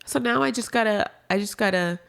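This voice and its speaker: A woman's voice: medium pitch, brisk, gravelly, fairly bright tone, clean tone. A young adult woman as a podcast guest, talking candidly and casually about grief, swearing freely and trailing off into restarts.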